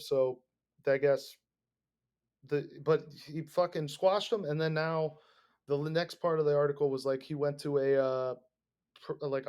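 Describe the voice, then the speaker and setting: A man's voice: mid-range voice, a little mellow. A man hosting a podcast, ranting casually in a rambling, sarcastic, profane way. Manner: rambling, sarcastic, swears a lot. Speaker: podcast host.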